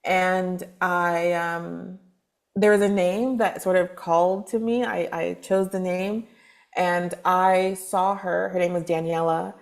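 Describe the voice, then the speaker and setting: Woman on a podcast telling her story, chatty, lots of likes and restarts, gets animated. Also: lowish voice, slow, vocal fry. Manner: animated, acts out quoted dialogue with laughs; loose, filler-heavy talk with restarts. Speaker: guest, spiritual advisor. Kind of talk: casual storytelling interview.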